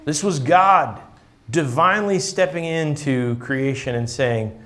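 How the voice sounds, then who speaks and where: A man delivers a loose, conversational sermon on a scripture passage. His voice sits a bit high for a man, and he keeps checking in with his listeners in an easygoing, chatty way. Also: measured pace, a bit bright, a little hiss or hum. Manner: casual, often asks "right?". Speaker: pastor.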